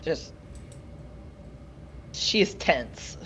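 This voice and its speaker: A woman playing in a tabletop game, describing her character's actions in halting phrases. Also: a bit bright, a little hiss or hum, low-quality recording. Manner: halting, restarts. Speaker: player.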